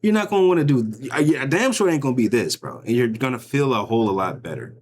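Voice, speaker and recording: A man talking over clips in a loose, slangy way, riffing and joking as he goes. His pitch swings widely up and down, giving the talk a lively, animated sound. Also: fast. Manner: loose, joking, slangy, acts out bystanders' thoughts. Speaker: reaction streamer. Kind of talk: casual commentary reacting to clips.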